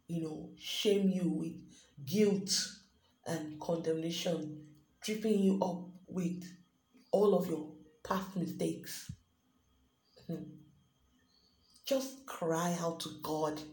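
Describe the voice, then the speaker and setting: A woman talks slowly and earnestly on her devotional podcast, her voice low and warm. She often repeats herself, and the room is echoey with faint music underneath. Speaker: podcast host. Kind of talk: unscripted devotional podcast talk.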